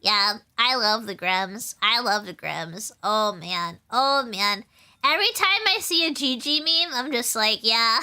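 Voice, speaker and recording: This VTuber, a young woman, speaks at a measured pace in a slightly high, animated voice with a sharp tone. She chats casually on stream, bubbly and giggly, rambling with many likes and ums, and gets teary and emotional.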